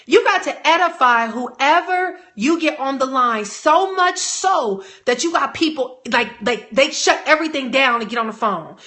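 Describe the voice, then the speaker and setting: A woman coaching network marketers in a live training talk, energetic and emphatic, rallying her audience. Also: sits high, moderate pace, few pauses.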